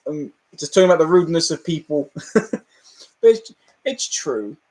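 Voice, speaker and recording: A man's voice: on the high side, lively intonation, moderate pace, a little mellow. A man with a British accent hosting a live stream, ranting casually, laughing often and acting out the people in his stories. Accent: British English.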